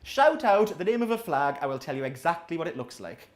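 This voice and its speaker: A man's voice: fairly high pitch, very animated, brisk. A man in his thirties doing a rambling, self-deprecating, sweary stand-up set as the comedian. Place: small coffee shop venue, indoors. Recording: echoey small room.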